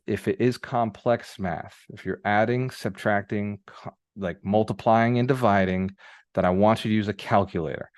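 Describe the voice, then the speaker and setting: A man coaching a group live leans on stories and repeated prompting phrases, his manner animated, conversational and sprinkled with casual swearing. He's a business mentor whose voice sits on the low side. Though captured on a video call microphone, the audio has studio quality with no echo.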